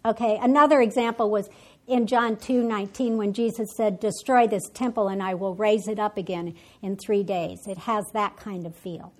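A woman's voice: medium pitch, fairly even intonation, moderate pace. A woman teaching a Bible study, explaining and quoting scripture while thinking aloud with frequent restarts and self-corrections. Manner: paraphrases and quotes scripture in a teaching tone.

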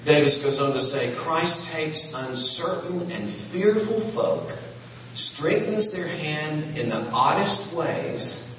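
A man's voice: mid-range voice, fairly bright tone. Male pastor, conversational sermon delivery, recorded in an echoey hall from a distance, faint room noise. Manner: conversational, with bursts of playful mimicry.

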